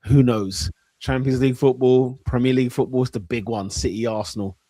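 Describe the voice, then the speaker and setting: A man's voice: medium pitch, fairly even intonation, brisk, warm tone, no echo. A man hosting a casual football podcast, steering the group chat and wrapping up the show in a laid-back way. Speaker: podcast host.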